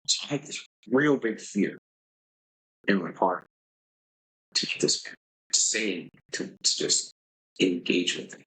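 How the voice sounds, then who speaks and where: Very husky, low-voiced man telling stories. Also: animated, slow, long pauses, bright, forceful tone, rough recording. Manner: candid, profane, rambling. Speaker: podcast guest. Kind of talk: casual storytelling. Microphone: podcast microphone.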